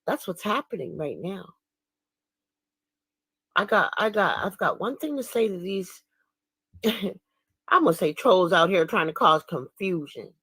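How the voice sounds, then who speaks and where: A woman's voice: on the low side, gravelly, fairly bright tone, breathy edge, dry recording. Indignant woman speaking out, dry close mic. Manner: indignant and emphatic, laughing scornfully. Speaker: online commentator and activist. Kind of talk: casual livestream commentary.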